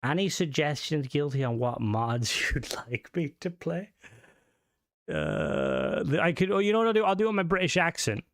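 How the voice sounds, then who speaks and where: A man's voice: fairly high pitch, big pitch swings, moderate pace, no room sound. A man chatting casually on a live stream about game mods, swearing freely, rambling and joking, sometimes humming to himself. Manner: hums and sings to himself between remarks. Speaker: livestreamer reviewing game mods.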